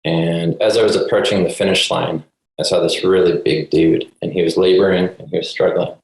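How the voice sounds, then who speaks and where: A man from Canada sharing his cancer story on a video call in a relaxed, conversational way. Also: sits low, fairly quick, vocal fry, roomy sound, low-quality recording. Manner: relaxed, conversational, frequent ums. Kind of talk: casual personal testimony.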